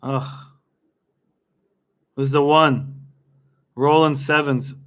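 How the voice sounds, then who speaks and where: A young man hosts a casual live stream, excitable and quick to laugh as he reacts to viewers by name. His voice sits high for a man and rings bright and forward. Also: smooth. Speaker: livestream host betting on horse races.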